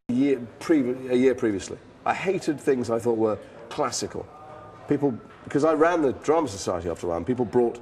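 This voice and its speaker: A man's voice: fairly low pitch, darkish tone, a little hiss or hum. A man in his forties with a northern English accent, telling frank, self-deprecating stories in an interview. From northern England. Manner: frank, self-deprecating storytelling with casual swearing. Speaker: actor being interviewed. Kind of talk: reflective interview anecdotes.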